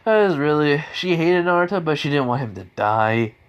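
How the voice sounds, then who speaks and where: A man's voice: a little high, expressive, normal speed, clear, resonant tone, dull audio. A man improvising a spoken fan story in a rambling, casual way, full of restarts and chuckles.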